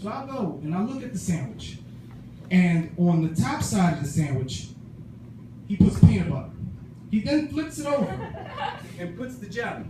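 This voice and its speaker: A man doing a stand-up comedy set at an open mic, telling animated stories and acting out his friends' voices. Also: sits high, measured pace, long pauses. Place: small comedy club stage. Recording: echoey room, far mic, noisy.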